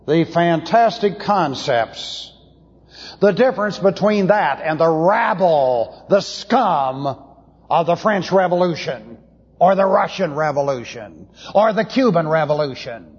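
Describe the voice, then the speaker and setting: A man preaching to a Bible class, blunt and opinionated, slowing down to press his points. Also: a little high, lively intonation, breathy edge. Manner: blunt, opinionated, slows for emphasis. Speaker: pastor teaching a Bible class. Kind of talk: sermon lecture. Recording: dull lo-fi tape in a reverberant hall.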